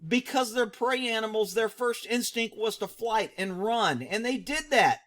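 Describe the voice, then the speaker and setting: Middle aged guy roasting a video, keeps cracking up laughing, super high bright voice. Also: a little slow. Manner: mocking, laughs constantly between phrases. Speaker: vlog host. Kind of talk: laughing commentary over a video clip.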